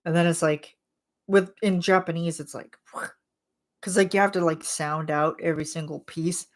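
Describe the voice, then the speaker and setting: A woman's voice: lowish voice, fairly even intonation, moderate pace. A woman hosting a casual chat vlog, rambling with lots of filler words and frequent laughs. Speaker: channel host.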